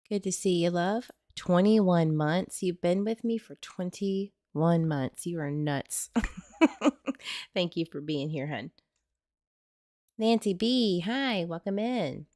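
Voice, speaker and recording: Low-voiced Southern woman hosting a livestream. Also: lively intonation, measured pace, warm tone, no echo, clean studio sound. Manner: chatty, greets viewers by name, jokey asides. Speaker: livestream host. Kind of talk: casual livestream chat.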